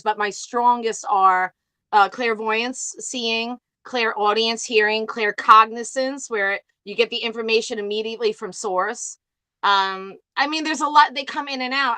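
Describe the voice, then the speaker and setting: Bright Long Island-accented woman guest. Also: a little high, smooth, no echo. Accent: Long Island New York. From Long Island, New York. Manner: talkative, laughs often, rambling. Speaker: guest, psychic medium. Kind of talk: casual interview chat.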